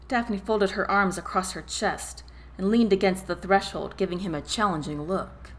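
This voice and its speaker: A woman narrating a romance novel chapter in an expressive reading voice. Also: fairly low pitch, normal speed. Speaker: audiobook narrator. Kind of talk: storybook narration.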